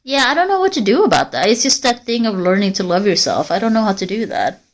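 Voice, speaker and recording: A woman's voice: medium pitch, very animated, quick pace. A woman livestreamer walking in a forest, talking candidly and rambling straight to her viewers in casual chat. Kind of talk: casual live-stream chat.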